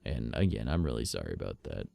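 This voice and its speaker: A man's voice: very deep voice, very animated, fast, vocal fry, mellow, dry recording. A man streaming live, chatting casually with viewers in a rambling way, swearing and laughing often.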